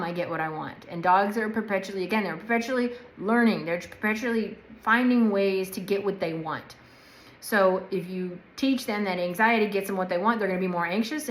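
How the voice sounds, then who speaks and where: A woman dog trainer giving a casual instructional talk. She talks chattily and checks in often with "right?" and "okay?". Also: mid-range voice. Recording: echoey room.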